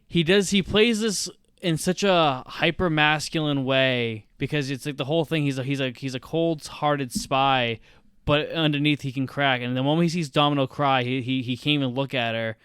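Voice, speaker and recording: A man co-hosting a casual film podcast, excitedly retelling a scene blow by blow and swearing freely. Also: medium pitch, moderate pace, clear, resonant tone, no room sound, clean studio sound. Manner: excitable, profane play-by-play retelling. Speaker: podcast co-host.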